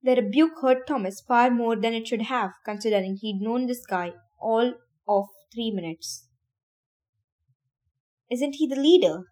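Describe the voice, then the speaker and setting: In a friendly, casual podcast reading of a novel, a woman with a somewhat high, darkish voice regularly breaks off to laugh and share her thoughts with listeners before returning to the text. She reads at normal speed with hardly any pauses.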